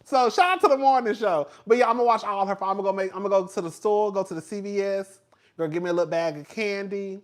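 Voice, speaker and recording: A man hosting a casual livestream, chatty and animated, laughing often, with slang and swearing. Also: high-pitched, quick pace. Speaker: host.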